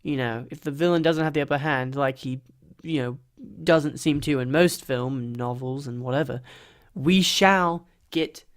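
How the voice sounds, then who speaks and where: Rambling, easily flustered podcast host. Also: male voice, mid-range voice, steady tone, moderate pace. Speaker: podcast host and game master. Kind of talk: casual improvised storytelling podcast.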